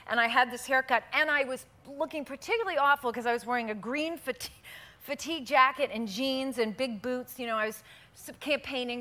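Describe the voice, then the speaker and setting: A woman in her fifties, a talk show guest telling an animated story and laughing often in a TV studio. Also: fairly high pitch. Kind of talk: late-night interview chat. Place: television studio.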